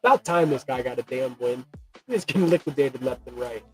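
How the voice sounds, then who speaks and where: A man's voice: medium pitch, brisk, faint music behind, poor audio. A man hosting a crypto news show, reading headlines and then chatting loosely with his guests, swearing and laughing easily. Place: hot room with an air conditioner running nearby.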